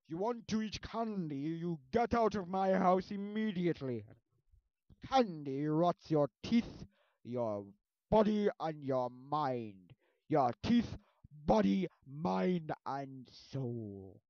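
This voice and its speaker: A man doing a strict dentist father, loud and slow, laying down the law in a raised, strained voice that sits above his usual pitch. The sound is dull and lo-fi, with a dry, close feel. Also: lively intonation, no room sound. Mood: ranting. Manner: loud, slow, preachy lecturing.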